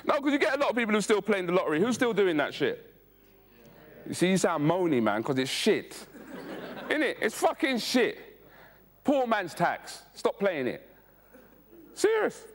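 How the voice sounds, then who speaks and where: A man's voice: high voice, wildly swooping pitch, moderate pace, long pauses, big-room sound. A man doing a crude stand-up set on a club stage, teasing the crowd into a handheld mic. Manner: brash, crude, teasing the audience. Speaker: stand-up comedian. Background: audience.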